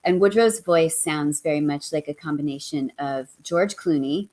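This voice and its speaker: A woman author speaks in a lowish, slightly deeper voice with a playful, animated manner. She pokes fun at herself, and she shifts from lively chat into reading her book aloud. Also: normal speed, poor audio. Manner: animated, playful, self-deprecating. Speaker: author, guest. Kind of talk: conversational interview and reading aloud.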